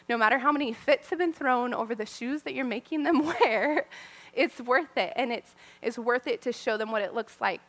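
Mom in her 30s preaching to other moms, kinda high bright voice, chatty and earnest, laughs a lot. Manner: earnest and personal, laughs often. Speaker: speaker to mothers. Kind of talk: conversational sermon.

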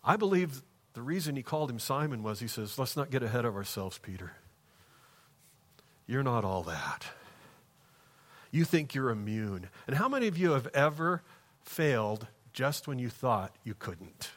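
A pastor preaching a sermon in church, moving between hushed, slow passages and raised, emphatic ones. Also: male voice, medium pitch, very animated.

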